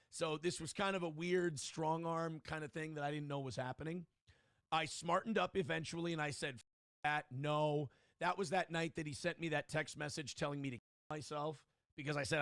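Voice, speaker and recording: A man's voice: fairly high pitch, a bit bright, no room sound, clean studio sound. A man hosting a livestream, talking casually and rambling, who often restarts his sentences and mimics other people mockingly. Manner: rambling, with frequent restarts and mocking quoted voices. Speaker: livestream host.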